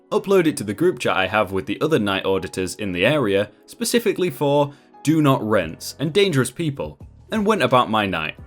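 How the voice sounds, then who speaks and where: Lively man reading Reddit stories. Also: mid-range voice. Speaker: host.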